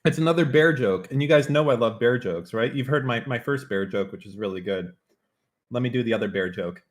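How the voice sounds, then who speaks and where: A man's voice: medium pitch, a little fast. A man streaming live, chatting casually in a brash, profane, mock-threatening way.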